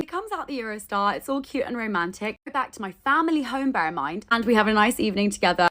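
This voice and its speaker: A woman's voice: fairly high pitch, a bit bright. A woman telling a breakup story in a chatty, dramatic way. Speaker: social media storyteller. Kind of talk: casual storytime.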